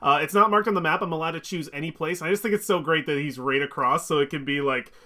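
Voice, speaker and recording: A man's voice: a little high, quick pace, bright, forceful tone. A man running a tabletop game as dungeon master, chatty and upbeat, with many ums and restarts.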